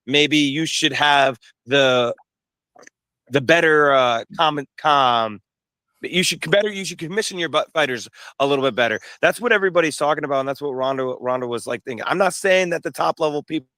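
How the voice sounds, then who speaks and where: A man's voice: a little high, a little fast, sharp tone, no room sound. A young man, a fighter being interviewed, talking casually with many restarts and fillers. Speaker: bare-knuckle fighter, interview guest.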